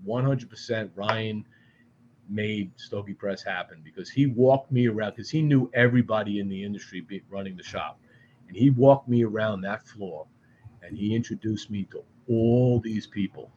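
A man from the Boston area, a podcast guest telling a long story in an animated, profane way with frequent restarts. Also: on the low side, normal speed, dull audio, slight background noise. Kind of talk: casual storytelling. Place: studio.

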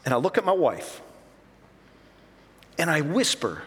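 A middle-aged pastor telling self-mocking stories in an animated sermon. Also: male voice, on the high side, measured pace, in a large hall, a little hiss or hum.

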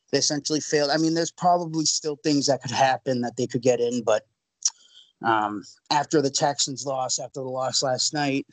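A man's voice: medium pitch, no echo, poor audio. A man co-hosting a casual sports podcast, speaking earnestly and apologizing for talking so much. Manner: earnest, apologetic, talks at length. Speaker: podcast co-host.

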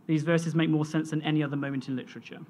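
Preacher, sermon, earnest, expressive, storytelling. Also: medium pitch, very fast.

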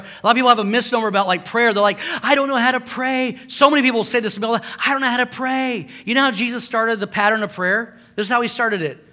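A male pastor preaches with a notably high, bright voice. He talks to the congregation conversationally, yet stresses his points by repeating them. The delivery is emphatic and direct. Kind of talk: sermon.

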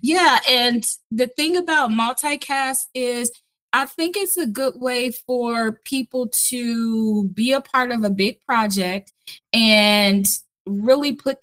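A woman's voice: on the high side, fairly bright tone. A woman hosting a podcast interview, chatting casually, laughing often and acting out quoted conversations. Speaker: audiobook producer and podcast host.

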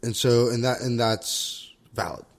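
A man's voice: medium pitch, measured pace. A man co-hosting a casual conversation, reflective and circling back on his points with frequent "right?" tags. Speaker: podcast co-host. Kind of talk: casual conversation about relationships and therapy skills.

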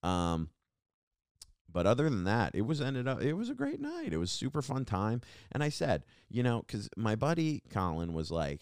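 A man's voice: fairly low pitch, moderate pace, no echo, studio quality. A young man, a comedian hosting his own podcast, casually telling stories with swearing and acted-out quotes. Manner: animated, swearing, acts out quoted people. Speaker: podcast host and stand-up comedian. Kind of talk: casual storytelling monologue.

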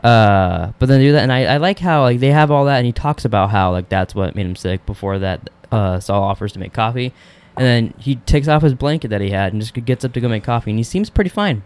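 A young man co-hosting a podcast, rapidly retelling an episode and acting out the characters' lines, swearing freely. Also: mid-range voice, a little mellow, smooth. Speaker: podcast co-host. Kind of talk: casual chat recapping a TV episode.

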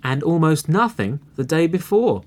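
Guy doing whiny little fox cubs begging their dad, high squeaky storybook voices. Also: sing-song, moderate pace, darkish tone. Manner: whining, high-pitched.

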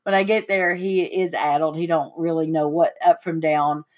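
A middle-aged woman hosting a casual chat podcast, telling stories with lively, acted-out quotes. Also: moderate pace. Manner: animated storyteller, acts out quotes with big pitch jumps. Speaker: podcast host.

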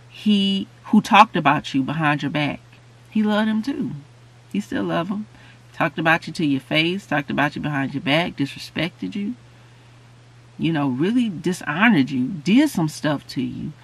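A woman's voice: deep voice, creaky, a bit bright, low-quality recording. A woman preaching in an informal, conversational way, earnest and repetitive, building to emphatic peaks.

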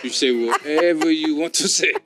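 A man putting on a mock Wakandan accent, with slow, exaggerated, teasing delivery. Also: a little high, fairly even intonation, a bit bright, close to an everyday voice.

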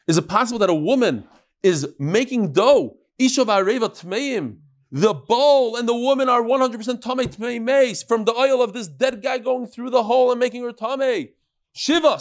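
A man teaches a Talmud lesson animatedly, acting out the sages' exchanges and mixing in Hebrew and Aramaic terms. His voice is extremely high-pitched.

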